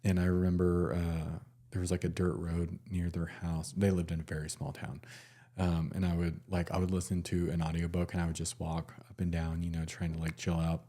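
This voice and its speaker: A man, a nurse, telling a personal story in a casual, halting way with many fillers and restarts. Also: low-pitched, completely flat delivery, mellow.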